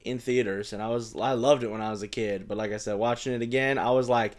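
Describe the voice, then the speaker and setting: Animated young man, casual banter. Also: mid-range voice, fast talker. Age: 20s. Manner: animated, swearing, acts out quotes. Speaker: podcast co-host. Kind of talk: casual chat.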